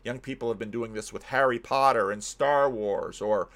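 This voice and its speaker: A middle-aged American pastor talks through an idea at an easy, unscripted pace. His voice sits at an ordinary male pitch, and he often stops and repeats a word as he works toward his point. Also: moderate pace, fairly bright tone. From United States. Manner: thinking aloud, frequent restarts and repeated words. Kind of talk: casual teaching talk.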